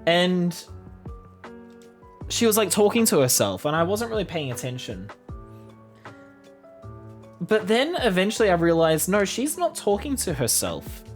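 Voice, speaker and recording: A woman's voice: lowish voice, very animated, measured pace, long pauses, soft background music. A young adult woman casually telling a rambling personal story to her vlog audience. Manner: chatty, rambling with fillers. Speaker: vlogger.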